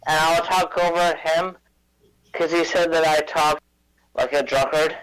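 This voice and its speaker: A man co-hosting a casual chat show, talking in a halting, stumbling way. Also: fairly high pitch, steady tone, a bit bright, smooth, rough recording. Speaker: podcast co-host. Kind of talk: casual banter.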